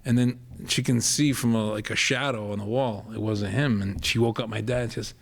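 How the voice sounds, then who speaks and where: A man's voice: on the low side, normal speed, slightly rough. A middle-aged man with a Rhode Island accent, telling a long family story as a podcast co-host and stopping often to act out the people in it. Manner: rambling, animated storyteller acting out quoted voices. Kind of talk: storytelling in casual chat.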